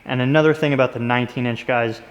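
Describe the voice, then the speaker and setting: A man's voice: medium pitch, fairly even intonation, fast talker. Man explaining gear in a reverberant space. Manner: enthusiastic, direct, addresses viewers as "you guys". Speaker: pressure washing business owner. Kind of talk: casual product walkthrough.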